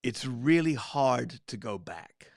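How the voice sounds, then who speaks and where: Gravelly man teaching a Bible study. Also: mid-range voice, slow, no room sound, studio quality. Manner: animated, acts out quoted lines with asides.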